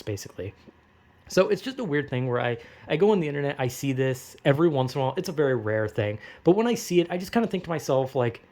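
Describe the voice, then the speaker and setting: A man's voice: mid-range voice, a little mellow. A young man in a casual, rambling rant, swearing often and mocking himself. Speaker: online commentator.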